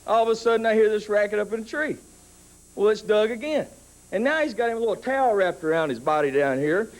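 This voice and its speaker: A man in his thirties telling a story in a wrestling interview, building up to shouted threats. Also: high-pitched, animated, fast, poor audio. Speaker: wrestler cutting a promo.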